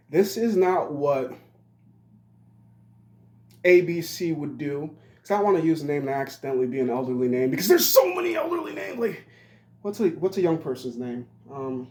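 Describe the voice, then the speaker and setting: A man's voice: on the high side, big pitch swings, a little fast, darkish tone. A man in his twenties giving a rambling monologue, blunt and profane. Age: 20s. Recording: roomy echo.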